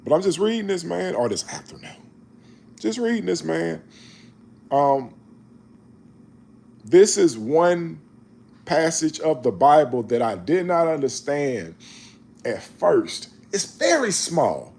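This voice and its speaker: A husky man reads scripture in a slow, measured way. He then breaks into emphatic, casual commentary, and his pitch swings widely as he preaches. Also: big pitch swings, a little mellow. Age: 40s. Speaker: online Bible reader and commentator.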